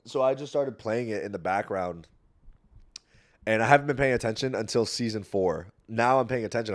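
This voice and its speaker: A young man hosting a podcast in a casual solo rant, full of swearing and rambling, moving between low mumbles and loud outbursts. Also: brisk. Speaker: podcast host.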